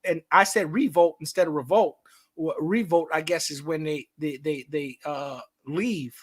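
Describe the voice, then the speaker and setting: A man with a Brooklyn accent co-hosting a podcast in casual chat, profane, with loud outbursts and drawn-out emphasis. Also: a little high. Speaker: podcast co-host.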